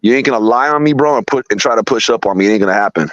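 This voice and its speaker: A man's voice: mid-range voice, rapid-fire, dry recording, dull audio. A man talking bluntly and profanely as a guest on a live stream show. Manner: blunt, profane street talk. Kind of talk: casual chat.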